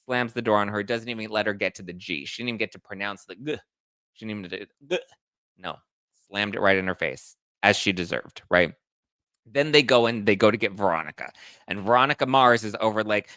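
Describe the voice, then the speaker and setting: A man hosting a celebrity gossip commentary show, telling the story in an animated, sarcastic way. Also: on the low side, a little fast, dry recording. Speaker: host.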